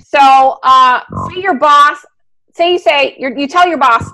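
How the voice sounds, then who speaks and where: A woman's voice: high-pitched, measured pace, bright, forceful tone, rough recording. A woman dog trainer teaching a live online class, talking her students through a video and asking them questions. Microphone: video call.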